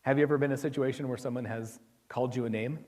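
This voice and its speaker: A man with an American accent preaching a sermon as pastor, conversational and quick to ask his listeners questions. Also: medium pitch, fairly even intonation, darkish tone, long reverb tail.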